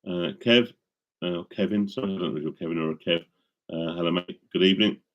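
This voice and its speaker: A man's voice: low-pitched, fairly even intonation, brisk, highs cut off. A middle-aged man casually chatting with viewers on a live stream, rambling with many ums and restarts, into a studio microphone.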